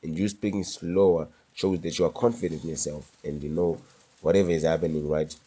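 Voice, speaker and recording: A man's voice: very deep voice, steady tone, brisk, warm tone, breathy edge. A man talking straight to camera in a casual advice monologue, slangy and emphatic, repeating his key words. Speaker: advice vlogger.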